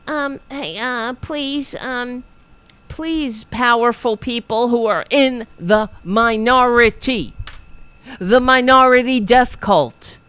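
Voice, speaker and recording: Profane, slow-talking woman ranting. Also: fairly high pitch, fairly bright tone, no room sound. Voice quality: profane, sarcastic, exasperated. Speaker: political show host. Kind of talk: angry political rant reading chat.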